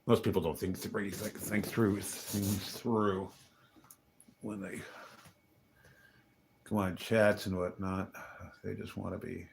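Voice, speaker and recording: A man's voice: low-pitched, level tone, slow, gravelly, long pauses, slight background noise. A man rambling through a casual livestream monologue, wry and grumbling, muttering asides and chuckling to himself. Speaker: livestreaming vlogger. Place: hotel.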